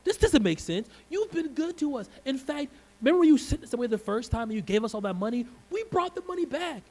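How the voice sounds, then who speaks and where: A pastor voicing a group of desperate young brothers who insist they did not steal, in a high, pleading, incredulous tone. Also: male voice, very animated, quick pace, a little mellow, full character voice. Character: desperate young men protesting innocence.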